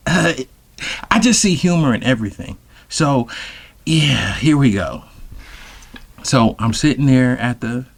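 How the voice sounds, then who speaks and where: A man telling a comic personal story in a loose, rambling, slang-heavy way, often turning to address his listeners directly. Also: medium pitch. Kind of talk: comedic storytelling.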